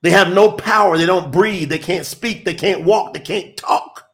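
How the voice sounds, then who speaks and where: A man's voice: high voice, normal speed, vocal fry, a bit bright. A man preaching an emphatic sermon, calling out to listeners by name and drawing out his points. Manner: emphatic, call-and-response preaching to online listeners. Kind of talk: live-streamed sermon.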